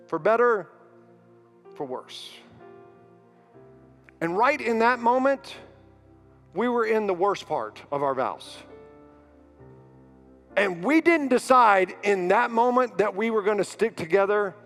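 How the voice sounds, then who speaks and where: High-voiced earnest pastor preaching. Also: male voice, fairly bright tone. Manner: earnest, rising to emphatic repetition. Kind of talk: sermon. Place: large church auditorium. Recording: music bed in a long-reverb hall.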